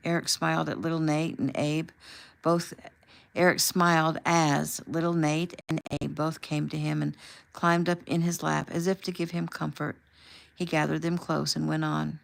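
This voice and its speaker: A woman's voice: low-pitched, level tone, moderate pace, creaky. A woman casually reading her own book aloud at home, with small slips and restarts. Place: home room.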